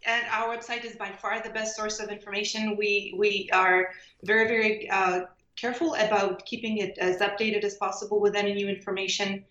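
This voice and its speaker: A woman representing a winery as a guest in a radio interview, speaking in a measured, informative way with frequent fillers. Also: mid-range voice, little pitch movement, a bit bright, roomy sound, muffled recording.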